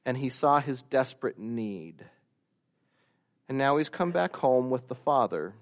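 A man preaching a sermon, slow and deliberate, rising to loud emphatic peaks and dropping to quiet asides. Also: medium pitch, animated. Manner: slow, deliberate delivery with long pauses.

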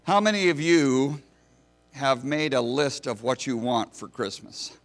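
A man's voice: mid-range voice, expressive, a little slow. A man preaching a sermon to a congregation in a folksy, storytelling manner. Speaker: pastor.

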